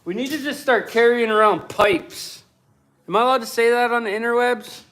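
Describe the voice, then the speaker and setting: This man's voice is very high and fairly bright, moving at a moderate pace. He's a woodworker livestreaming from his home shop, profanely ranting and picking fights with his chat while he works.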